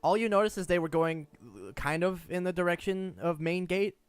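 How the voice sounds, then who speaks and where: Male game master, higher pitch, dry close sound with faint music under, loose and profane. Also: fairly even intonation, a little fast, clean tone, dry recording. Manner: chatty, casually profane, many restarts. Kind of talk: narrating a tabletop game.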